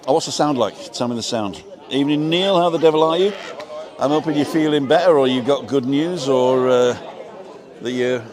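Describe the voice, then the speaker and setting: An older man chats away on a live stream from a sunny bar terrace, rambling and jokey as he answers viewers. He speaks at an ordinary, middle pitch, and a crowd talks clearly in the background. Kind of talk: casual live-stream chat, reading viewer comments. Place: outdoor bar terrace in the sun. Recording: outdoor crowd noise behind. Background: crowd chatter.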